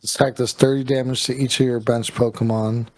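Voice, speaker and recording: A man co-hosting a podcast at a middle pitch, talking casually. He is laid-back and jokey, tossing in slang and wry asides. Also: level tone, brisk, a little mellow, no echo, low-quality recording. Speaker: podcast co-host. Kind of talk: casual chat.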